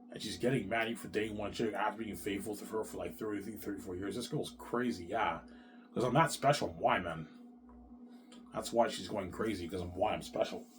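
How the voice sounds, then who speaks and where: A man's voice: deep voice, background noise. A man talking on his own in a long, rambling, repetitive monologue, with heavy swearing and slang. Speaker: vlogger.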